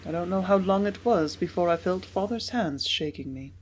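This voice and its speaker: A woman narrating an audiobook in a measured, steady reading voice. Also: fairly low pitch. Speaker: audiobook reader.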